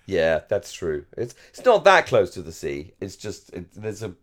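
An English man with a posh received pronunciation accent and a fairly low voice. He talks with eager enthusiasm, stumbling through restarts and "you know"s as he chats on a fan podcast. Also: big pitch swings. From England, Surrey-Hampshire border. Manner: chatty, enthusiastic, frequent restarts and fillers, quick to laugh. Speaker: podcast co-host. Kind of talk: casual chat.

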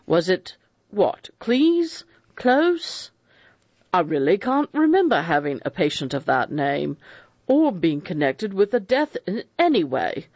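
Man voicing a composed doctor, evasive, good-natured, slow, dry sound. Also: sits high, darkish tone, no room sound, exaggerated voice. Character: smooth middle-aged male doctor hiding guilt. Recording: dull, dry lo-fi recording.

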